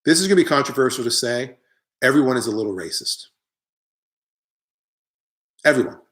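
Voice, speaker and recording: A man's voice: medium pitch, expressive, moderate pace, fairly bright tone. Rambling, opinionated middle-aged comic man. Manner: rambling, opinionated, jokey asides. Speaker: comedian hosting a live online show. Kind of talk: casual comic monologue reading viewer comments.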